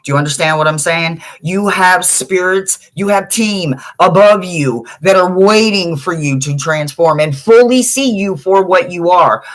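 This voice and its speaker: A woman's voice: fairly low pitch, rough recording. A woman working as a spiritual reader, giving a blunt, emphatic pep talk to the listener. She swears freely and repeats phrases to drive her points home.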